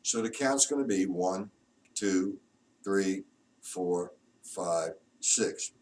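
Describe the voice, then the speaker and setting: A man's voice: deep voice, extremely slow, darkish tone, far from the mic, slight background noise, rough recording. A man teaching a drum lesson, counting beats aloud and explaining rudiments in a plain, instructive way.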